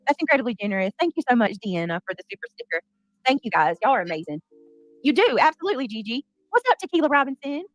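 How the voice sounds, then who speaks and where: Sassy lively woman livestream host. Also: fairly high pitch, dry recording, low-quality recording. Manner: chatty, sassy, thanks viewers by name. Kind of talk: casual livestream commentary.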